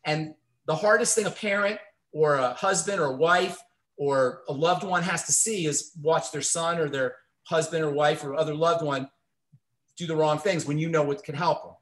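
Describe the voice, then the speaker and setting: A man's voice: fairly high pitch, normal speed, a bit bright. Earnest man giving health advice. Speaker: radio health show host.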